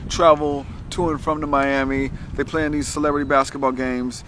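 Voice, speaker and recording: A man, a comedian guest, trading deadpan boastful jokes in casual banter on a golf course. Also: mid-range voice, brisk, background noise.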